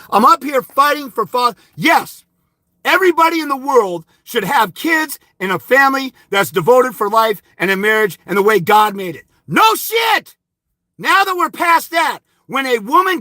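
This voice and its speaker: Angry shouting man with a bright voice. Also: high-pitched, dry recording. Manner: angry, insulting, shouting bursts. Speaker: livestream host answering viewer comments. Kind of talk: angry livestream rant.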